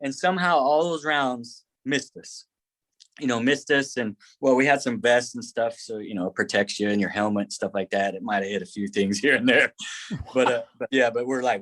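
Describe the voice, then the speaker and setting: A middle-aged man telling military stories on a podcast, laughing often and acting out quotes in a higher voice. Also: fairly quick, a bit bright. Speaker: podcast guest, former Army Ranger. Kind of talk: casual storytelling.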